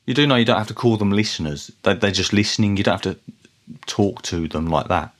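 Deadpan middle-aged man. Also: fairly low pitch, a little fast. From Birmingham, England. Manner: earnest, deadpan, plodding. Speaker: podcast host. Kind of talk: scripted comic monologue.

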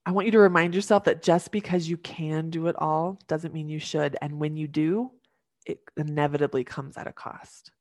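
A young woman with a low-pitched voice speaks earnestly as a podcast guest, coaching listeners through practical tips and acting out phrases they might use. Her talk is warm and encouraging. The recording is clean studio sound with no room echo.

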